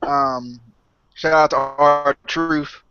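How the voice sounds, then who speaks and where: A man's voice: fairly high pitch, steady tone, extremely slow. A man co-hosting a podcast, chatting in a hesitant, jokey, self-deprecating way. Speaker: podcast co-host. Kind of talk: casual podcast chat. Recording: dry, dull lo-fi audio.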